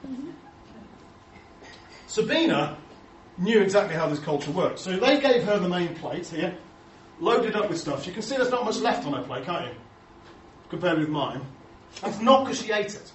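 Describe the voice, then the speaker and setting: A rather high-voiced Englishman tells chatty, self-mocking stories to a crowd, slipping into the voices of the people he quotes. He sounds distant from the microphone, and his words ring through a large echoey hall. A faint hiss runs underneath. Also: very animated, moderate pace, long pauses. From England. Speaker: speaker showing photos to an audience. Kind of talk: humorous anecdotal talk.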